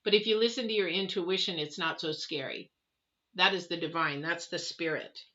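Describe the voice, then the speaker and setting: A woman's voice: lowish voice, moderate pace, sharp tone, dull audio. A woman giving a live tarot reading in a chatty, rambling way, full of fillers and restarts. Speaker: tarot reader.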